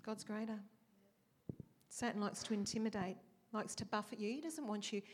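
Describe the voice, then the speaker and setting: A woman's voice: mid-range voice, a little mellow. A woman preaching a conversational sermon, telling stories and asking the congregation questions. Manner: chatty, asks the congregation questions, acts out quotes.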